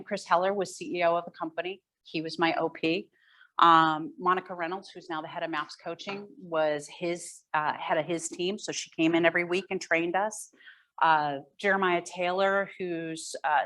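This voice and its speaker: A middle-aged woman shares her story at a fireside chat. Her voice sits a little low, and she talks candidly, stumbling through fillers and restarts. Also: fairly bright tone. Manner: conversational, candid, with frequent fillers. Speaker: guest speaker.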